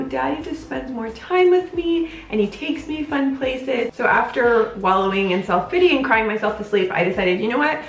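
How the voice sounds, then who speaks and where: A woman's voice: medium pitch, creaky. Bubbly chatty mom vlogger woman. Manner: chatty, bubbly, addresses viewers as "you guys". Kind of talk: casual vlog chat to camera.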